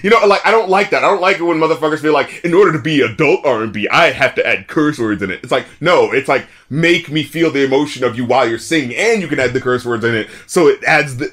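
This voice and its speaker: A man's voice: mid-range voice, fairly bright tone. A man co-hosting an album review podcast, talking casually and animatedly, cursing freely and laughing often. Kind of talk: casual chat.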